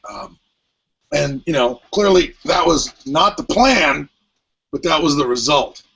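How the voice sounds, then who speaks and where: Husky guy on a podcast mic, rambly and full of ums, kinda muffled lo-fi audio. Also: a little high, expressive, measured pace, a bit bright. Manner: rambling, hesitant, many fillers. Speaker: podcast co-host. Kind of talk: casual podcast discussion. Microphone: headphones with mic at home.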